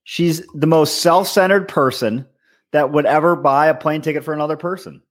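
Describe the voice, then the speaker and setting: A man co-hosting a podcast with a voice a bit higher than most men. He is blunt and casual and swears freely. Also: normal speed. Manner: blunt, profane. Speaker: podcast co-host. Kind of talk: casual chat.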